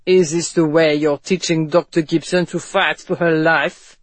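A man's voice: a little high, steady tone, moderate pace, dry recording, lightly acted. A narrator voicing a stern, sarcastic male fencing master who speaks curtly in a storybook reading. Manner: sarcastic, curt.

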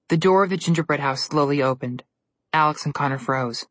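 A woman narrating a storybook in an even, measured reading. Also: deep voice, no room sound.

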